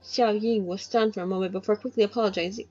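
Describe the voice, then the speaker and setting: Brief: woman, mid pitch, casual novel read-aloud with self-corrections, slightly dull lo-fi home recording. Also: fairly even intonation, fast talker, darkish tone, faint music behind. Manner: reads steadily, breaks in with cheeky swearing asides and self-corrections. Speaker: reader of a novel.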